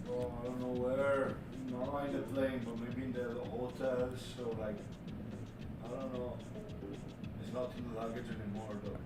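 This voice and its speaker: A man's voice: medium pitch, little pitch movement, a little slow, distant mic. A man chatting casually with a friend, upset and complaining. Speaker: friend in the room. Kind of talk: casual chat. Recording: echoey, off-mic, under loud music.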